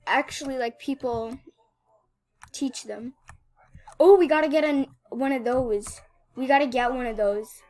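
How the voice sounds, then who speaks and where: A woman giving casual commentary over gameplay, rambling and excitable, with lots of "like" and "um". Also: high voice, unhurried, long pauses. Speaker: gaming video host.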